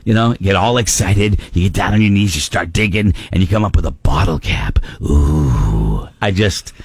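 A man's voice: deep voice, brisk, slightly rough, no echo. A middle-aged man hosting a radio show, bantering casually, joking and laughing often.

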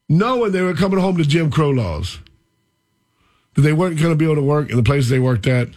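A man hosting a radio talk show, rambling and animated as he tells stories. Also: on the high side. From Florida. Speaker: radio host.

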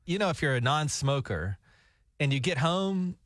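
A man's voice: a little high, very animated, moderate pace, a bit bright, dry recording, clean studio sound. A man on a talk show, telling a rambling, jokey travel story with laughs. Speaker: radio show co-host. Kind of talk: casual storytelling chat.

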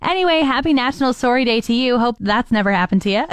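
A woman's voice: fairly high pitch, expressive, fast talker, clean tone, dry recording, studio quality. A young woman hosting a morning radio show, telling stories in a chatty, self-deprecating way. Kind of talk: casual chat.

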